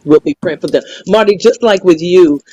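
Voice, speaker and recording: A woman's voice: lowish voice, normal speed, warm tone, husky, muffled recording. A woman guest on a talk show, telling family stories in a playful way and laughing often between sentences. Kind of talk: casual chat.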